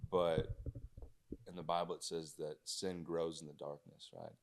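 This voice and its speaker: A deep-voiced man from Arkansas talks in an easy, laid-back way during a casual podcast chat. He sounds earnest and keeps checking in with a quick 'right?'. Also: flat delivery, creaky, noisy background. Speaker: guest comedian.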